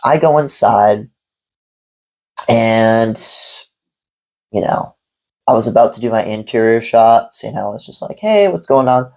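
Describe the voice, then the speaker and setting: A man's voice: lowish voice, fairly even intonation, measured pace, pauses often, a little mellow, low-quality recording. A man telling a story on a coffee vlog, candid and rambling, swearing freely. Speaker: coffee reviewer vlogger.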